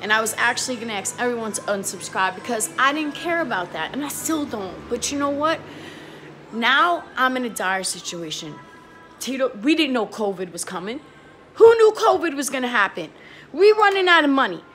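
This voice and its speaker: A young New York woman vlogs straight to her viewers, her high voice expressive at a normal speed with a fairly bright tone and faint music in the background. It's an emotional talk to camera, heated and pleading, as she swears and repeats herself.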